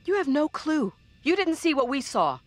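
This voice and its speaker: A woman's voice: sits high, very animated, moderate pace, dry recording, faint music behind. An actress playing a blunt, defiant young woman shaken by what she saw. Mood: tense.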